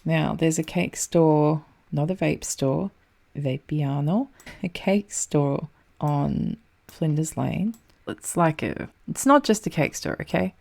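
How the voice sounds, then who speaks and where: Young Australian woman, low gravelly voice, chatty frantic game commentator who swears under her breath. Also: lively intonation, slow pace, a little mellow. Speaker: streamer playing a map game. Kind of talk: casual gameplay commentary.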